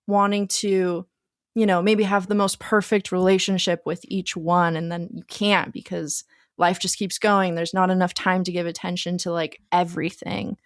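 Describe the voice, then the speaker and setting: A woman's voice: fairly low pitch, little pitch movement, moderate pace, no room sound, clean studio sound. A young woman co-hosting a casual film podcast, eagerly retelling scenes she loved. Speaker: podcast co-host.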